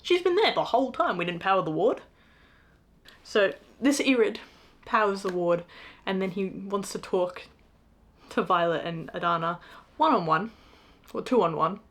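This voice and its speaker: A woman's voice: medium pitch, expressive, normal speed, pauses often, a bit bright. A young woman reviewing a book in a casual rant, exasperated and sarcastic, swearing freely.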